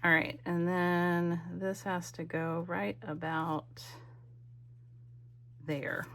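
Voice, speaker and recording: A woman's voice: lowish voice, little pitch movement, very slow, a bit bright, slight background noise. A middle-aged woman hosting a craft video, chatting playfully and teasing herself as she works. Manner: chatty, self-mocking, playful. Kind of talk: casual crafting narration.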